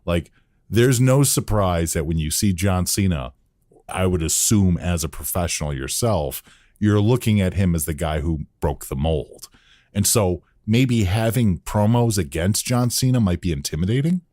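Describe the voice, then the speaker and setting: A man's voice: low-pitched, expressive, moderate pace, mellow, no room sound, studio quality. A man hosting a wrestling podcast, reading the live chat aloud and breaking down promo clips. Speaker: podcast host.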